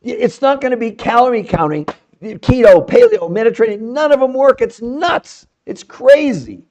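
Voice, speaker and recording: A middle-aged man hosting a live stream, speaking fiercely and insistently, sometimes dropping into quiet asides. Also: very high voice, lively intonation, normal speed. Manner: fiery and insistent, often trailing off into quiet asides. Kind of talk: energetic live-stream pitch. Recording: dull lo-fi live-stream audio.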